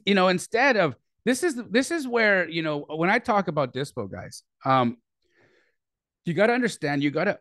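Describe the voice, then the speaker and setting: A man hosting a live show, talking excitedly and laughing, often repeating himself. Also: mid-range voice, dry recording, studio quality. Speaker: real estate investor host. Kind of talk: casual chat.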